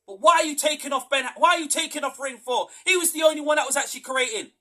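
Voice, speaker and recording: A man with a strikingly high voice and a bright, tense tone rants through a post-match fan reaction. He sounds exasperated and keeps repeating his points. He sometimes breaks into shouts. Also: quick pace. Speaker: football fan podcast host.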